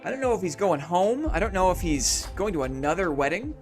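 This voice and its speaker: A man's voice: high voice, sing-song, brisk, faint music behind. A man from Canada, streaming a game live and chatting with his viewers in a goofy, joking way. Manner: goofy, jokey, chatty with chat.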